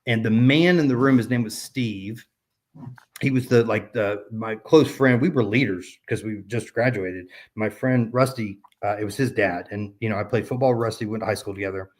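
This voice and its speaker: A man's voice: on the low side, moderate pace. A man in his thirties telling a personal story in a casual chat, rambling with many fillers and restarts. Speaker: podcast guest.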